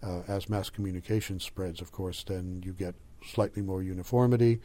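Older man, measured and dark-voiced. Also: sits low, steady tone. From Boston area. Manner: measured, thoughtful, lecturing. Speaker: interviewee, language scholar. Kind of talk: conversational interview answers.

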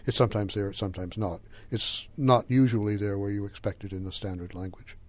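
A middle-aged man with a light Boston accent and a low, mellow voice, speaking as a linguistics professor. He explains at a measured pace, lecturing with small fillers and the odd chuckle. The recording is dry and close. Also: fairly even intonation, dry recording. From Boston area. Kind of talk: explanatory interview answers.

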